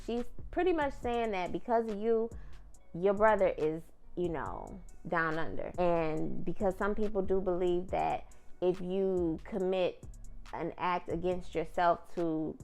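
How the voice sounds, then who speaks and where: A woman's voice: on the low side, lively intonation, a little slow, a little mellow, soft background music. A woman casually recapping a TV episode in a chatty, slangy way, often calling her viewer "girl". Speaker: TV recap vlogger.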